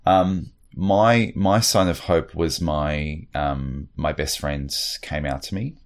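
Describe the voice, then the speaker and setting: Deep voiced aussie guy, middle aged, lots of ums and restarts, reflective interview chat. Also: slow. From Australia. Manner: hesitant, many fillers and restarts. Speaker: guest.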